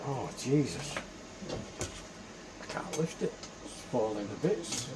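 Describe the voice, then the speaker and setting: A man talks his way through making a roast at home, muttering asides to himself between remarks to the camera. His voice sits at an ordinary middle pitch. There is clear ambient noise behind him in the kitchen. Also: lively intonation, slow pace. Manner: chatty, mutters to himself while cooking. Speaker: home cook vlogger. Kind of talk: casual cooking commentary. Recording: noisy background ambience.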